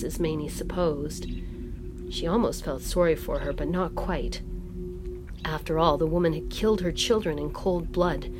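A woman reading a story aloud as narrator in a measured, steady way. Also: low voice. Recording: music playing underneath.

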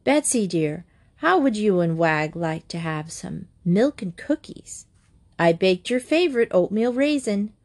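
A woman's voice: mid-range voice, expressive, a little slow, a little mellow. A woman reading as a polite, motherly mom. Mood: welcoming.

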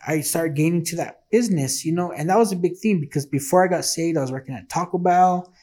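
A man's voice: a little high, quick pace, mellow. A man telling his faith testimony in a casual, earnest and emotional way, acting out the dialogue he quotes.

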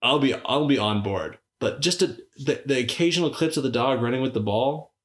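A man co-hosting a casual movie review podcast, wry and skeptical with quick asides. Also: medium pitch, reverberant. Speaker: podcast co-host.

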